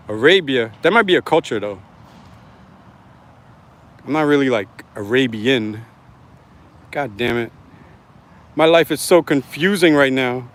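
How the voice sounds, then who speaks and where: A man's voice: mid-range voice, lively intonation, measured pace, long pauses. A man hosting his own livestream in casual, rambling, slangy chat, reading out viewer comments as he talks into his phone. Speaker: livestream host.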